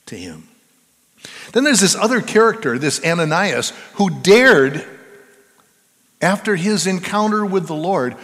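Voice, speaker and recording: A man preaching a sermon as pastor, swinging between hushed and loud emphatic delivery. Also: on the high side, big-room sound.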